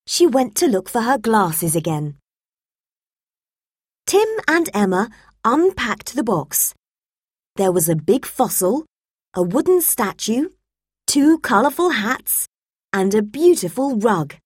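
A woman narrating a children's storybook with a clear, measured delivery. Her voice is fairly high, with lively swings in tone, and she reads slowly. The sound is dry and close. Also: no room sound. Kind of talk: storybook reading aloud.

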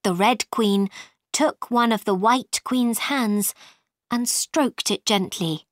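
A woman narrating a storybook in a clear, deliberate reading. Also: on the high side, no room sound, studio quality.

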